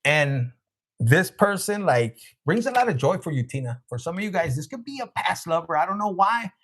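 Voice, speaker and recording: A man's voice: on the high side, very animated, moderate pace, a bit bright, a little hiss or hum. A man giving a live tarot reading, joking and swearing, often laughing and chatting with viewers by name. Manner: profane, joking, acts out voices. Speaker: tarot reader.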